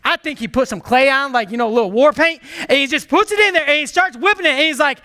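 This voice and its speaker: A man preaching a sermon in an energetic, emphatic way, calling out to the congregation and dropping into hushed low asides. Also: quick pace. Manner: swings from excited bursts to hushed low asides. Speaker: pastor.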